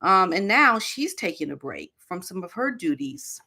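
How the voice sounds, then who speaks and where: A woman hosting a casual commentary video, talking in a chatty, animated way with lots of fillers and sarcastic asides. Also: fairly low pitch, moderate pace. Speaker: host.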